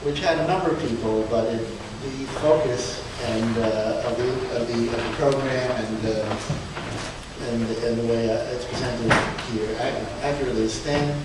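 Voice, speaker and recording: A man with a mid-pitched voice walks an audience through slides in an informal talk, stopping and restarting often and chuckling now and then. He is heard from far off in a very echoey room, with clear background noise under his voice. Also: steady tone. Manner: halting, many restarts and fillers, chuckling. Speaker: speaker at a book event. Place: event room in a museum.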